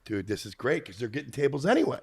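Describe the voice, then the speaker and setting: A man hosting a podcast, breaking in with quick questions during casual chat. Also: medium pitch, big pitch swings, breathy edge. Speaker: podcast host. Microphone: studio podcast microphone.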